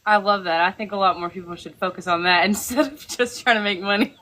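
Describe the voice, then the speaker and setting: A woman's voice: medium pitch, quick pace, sharp tone. A woman interviewing a guest, asking questions and giving short encouraging replies. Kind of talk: casual interview.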